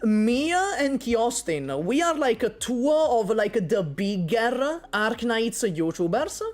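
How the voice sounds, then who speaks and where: Slow and fairly high-pitched, this woman from Italy speaks with an Italian accent. She jokes around animatedly with her stream audience, responding directly to chat.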